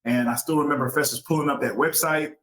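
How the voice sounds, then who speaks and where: A man's voice: fairly high pitch, steady tone, fast talker, a bit bright, rough recording. A man hosting an educational talk show, speaking upbeat to the listeners as folks. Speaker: podcast host.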